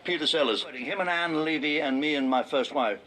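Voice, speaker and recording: An older English comedian and game show host, telling wry anecdotes and dropping into low mock voices for punchlines. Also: male voice, a little fast, bright, forceful tone, a little hiss or hum, rough recording. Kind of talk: anecdotal stand-up and reminiscence.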